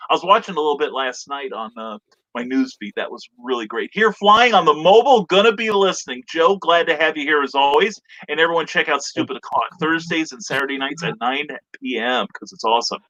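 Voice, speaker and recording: Lively bright-voiced man hosting a stream. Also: a little high, brisk. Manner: chatty, reads viewer comments aloud. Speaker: podcast host. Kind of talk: casual live-stream chat. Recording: lo-fi streamed audio.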